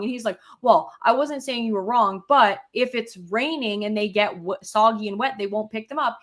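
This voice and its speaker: Young adult woman, casual co-host, slightly high, animated storyteller. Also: normal speed, few pauses. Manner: animated storytelling, acts out quarrels with a rising voice. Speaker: podcast co-host. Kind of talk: casual chat.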